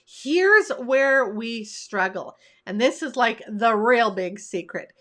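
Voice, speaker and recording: A woman coach with a high, bright voice gives a motivational talk. She speaks straight to the listener in an open, conversational way. Her storytelling is lively and expressive. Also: takes it slowly. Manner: conversational, warm direct address to listener. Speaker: leadership development coach.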